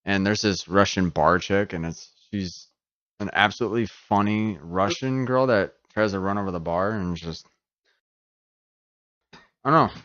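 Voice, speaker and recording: A man chatting as a podcast guest in a relaxed, joking way. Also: deep voice, unhurried, pauses often, no echo, highs cut off. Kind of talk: casual chat. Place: podcast studio.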